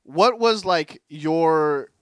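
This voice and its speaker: A man's voice: a little high, animated, drawn-out words, dry recording, studio quality. A young man co-hosting a podcast in casual chat, laid-back, swearing a lot and saying "bro" often. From Mexican-American family. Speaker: podcast co-host.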